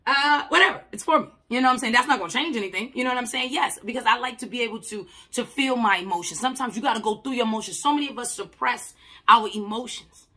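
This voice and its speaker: A woman who works in mental health shares a personal story in a casual, blunt way. Her voice sits a little high, with a bright, forceful edge and a husky grain. She repeats herself for emphasis, swears freely, and swings from loud to hushed. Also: quick pace.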